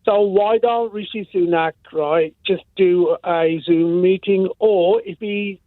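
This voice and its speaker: A man's voice: high-pitched, slow pace, dry recording. A man calling a radio phone-in, who runs a chip shop and rambles from topic to topic. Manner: rambling, hops between topics. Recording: tinny phone line.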